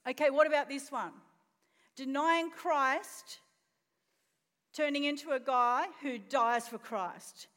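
High-voiced woman preaching. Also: takes it slowly, long pauses. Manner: expressive storytelling, asks the congregation questions. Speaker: pastor. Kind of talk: sermon. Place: church auditorium. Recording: long reverb in a church hall.

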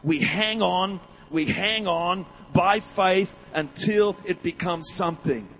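A man's voice: high voice, slow, a bit bright. A man preaching a sermon, emphatic and rousing, with many rhetorical questions. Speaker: pastor. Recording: long hall reverb.

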